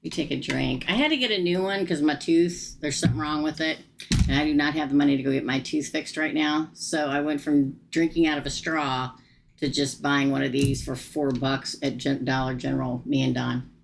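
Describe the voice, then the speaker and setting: A woman reading tarot on a live stream, chatty and animated, laughing often. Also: sits low, normal speed, creaky, slight background noise. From United States. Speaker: tarot reader.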